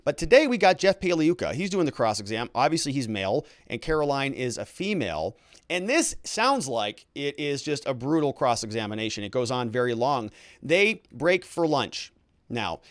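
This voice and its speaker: Male lawyer host, casual explainer, lively pitch, dry close sound. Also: normal speed, no echo. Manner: conversational, explanatory, with filler words. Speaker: attorney commentator. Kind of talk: legal commentary.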